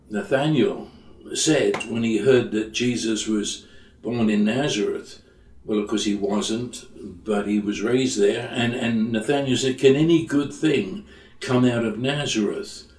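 A man preaching a sermon in a slow, conversational storytelling way, often restarting his phrases. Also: medium pitch, echoey room, far from the mic, rough recording.

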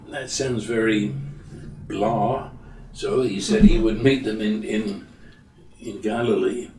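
A man preaching a sermon in a slow, conversational storytelling way, often restarting his phrases. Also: medium pitch, darkish tone, reverberant, distant mic, low-quality recording.

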